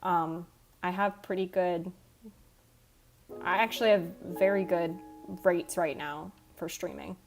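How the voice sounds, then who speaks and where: This American streamer, speaking with a Michigan accent, keeps a lowish, steady voice and an unhurried delivery, pausing often. She answers her chat casually and with self-teasing humor over faint background music.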